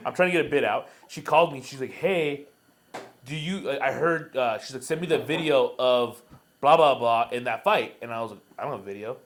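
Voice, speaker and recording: A young man co-hosting a podcast, telling stories in fast, profane casual chat. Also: mid-range voice. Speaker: podcast co-host.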